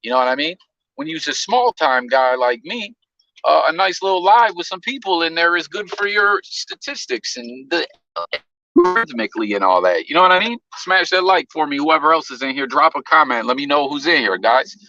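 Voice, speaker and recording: A man's voice: fairly high pitch, a little fast, pushed and bright, lo-fi sound. A man hosting a casual live stream, telling stories loosely with slang and profanity.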